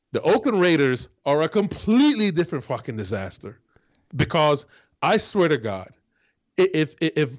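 A man's voice: on the high side, highs cut off. A man who once played pro football, co-hosting a casual sports talk show in an emphatic, profane way. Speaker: co-host, former football player.

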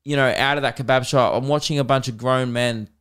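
An Australian man hosting a podcast, chatting casually and telling rambling stories with laughs and quick mimicry. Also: mid-range voice, fairly even intonation, a bit bright, clean tone. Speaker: podcast host and comedian. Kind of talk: casual chat.

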